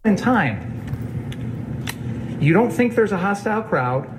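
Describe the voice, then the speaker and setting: A prosecutor cross-examining a witness with pointed, pressing questions. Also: male voice, sits high, big pitch swings, slow pace, background noise.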